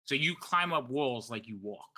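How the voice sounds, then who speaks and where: A man's voice: medium pitch, expressive, moderate pace, pushed and bright. A man narrating as game master, tired late at night, rambling and correcting himself as he goes.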